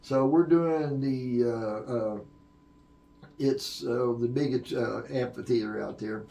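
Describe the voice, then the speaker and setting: An older man with a gravelly, creaky voice spins a long, rambling tale. He stumbles through fillers and restarts as he goes. The sound is roomy and echoey. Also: medium pitch, takes it slowly, warm tone. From Oak Cliff, Texas. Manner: rambling storyteller with many fillers and restarts, acting out quoted voices. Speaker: guest, music producer and live sound engineer. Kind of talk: long storytelling interview. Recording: roomy echo.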